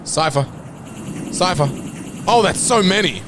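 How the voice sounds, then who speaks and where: A man's voice: high-pitched, lively intonation, a little slow. A man streaming a video game, chatting casually with crude jokes and plenty of swearing. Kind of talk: casual live-stream chat. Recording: clear background noise.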